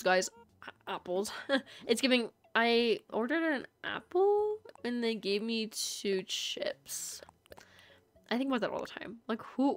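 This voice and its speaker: While gaming on stream, this woman chats with her audience in a medium-pitched, slightly bright voice. She's talkative and rambling, often addressing chat directly.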